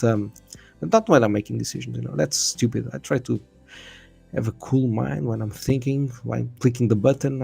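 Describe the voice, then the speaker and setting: A man's voice: medium pitch, gravelly, darkish tone, husky. A man from Portugal hosting a crypto livestream, chatting casually in a rambling, slangy way and swearing now and then.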